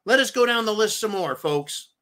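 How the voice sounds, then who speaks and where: Male political rant host, bright and forceful tone, sarcastic, swears freely, talks straight to his folks. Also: sits high, animated, normal speed. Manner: profane, sarcastic, keeps addressing listeners as folks; repeats himself for emphasis.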